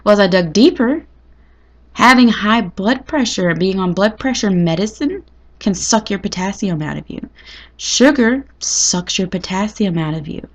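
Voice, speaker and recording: A woman's voice: medium pitch, animated, moderate pace. Chatty woman telling a story. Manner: chatty and dramatic, with folksy phrasing. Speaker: vlogger. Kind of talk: casual storytelling to camera.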